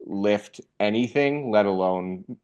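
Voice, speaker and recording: A young man telling a funny personal story in a casual, animated way, acting out the voices of the people in it. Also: fairly low pitch, slow pace, clear, resonant tone, lo-fi sound. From Canada.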